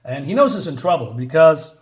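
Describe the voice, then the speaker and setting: A man's voice: a little high, animated, brisk. A man casually reviewing a comic book, rambling and hesitant, often searching for words. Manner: rambling, hesitant, many fillers. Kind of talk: casual comic review, reading panels aloud.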